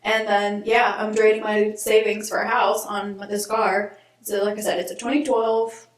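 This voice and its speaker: A young woman co-hosting a podcast, ranting in an animated, exasperated way with mild swearing, in casual chat. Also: medium pitch, moderate pace. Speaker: podcast co-host. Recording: echoey, distant lo-fi remote recording.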